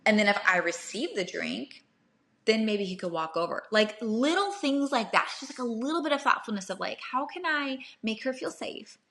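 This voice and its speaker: A woman's voice: a little high, animated, moderate pace, sharp tone. Chatty woman giving dating advice. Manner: chatty, checks in with "right?", acts out little dialogues. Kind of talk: casual advice talk to a live audience.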